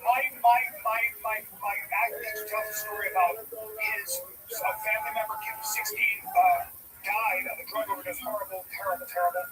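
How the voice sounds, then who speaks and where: A man co-hosting a livestreamed show, telling stories in casual chat, animated and profane. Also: high-pitched, fairly quick, soft background music. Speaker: podcast co-host. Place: studio or room, livestream. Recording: distant mic with faint noise.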